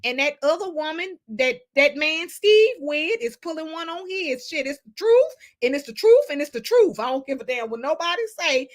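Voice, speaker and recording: A woman hosting a casual gossip livestream, sassy and animated, laughing often as she reads the chat. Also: high-pitched, normal speed. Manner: sassy, animated, laughs a lot, Southern Black American slang. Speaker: livestream host reading chat.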